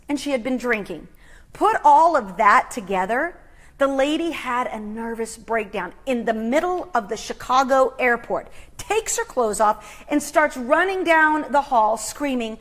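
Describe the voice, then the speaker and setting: A middle-aged woman hosting a motivational talk, telling a story with dramatic swings from hushed to loud. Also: sits high, animated, unhurried. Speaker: host.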